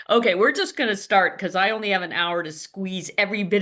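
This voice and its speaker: A woman hosting a group video call, chatty and lively, laughing often and swearing freely. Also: mid-range voice, brisk, few pauses. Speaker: podcast host running a video-call salon. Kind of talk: casual chat.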